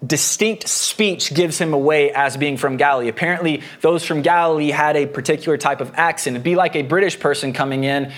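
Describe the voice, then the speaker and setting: A man's voice: on the high side, a little fast, few pauses. A man preaching a sermon as pastor in a conversational way, explaining a passage with homely personal anecdotes.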